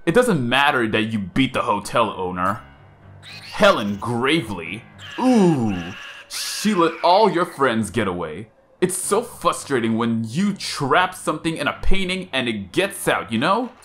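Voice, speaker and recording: A man putting on a theatrical ghost king, sneering and ranting, with a lively voice that swings up and down. His pitch sits in a middle range while he gloats over his foe in this video game villain read. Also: a little slow, faint music behind. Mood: gloating. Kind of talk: reading game dialogue aloud.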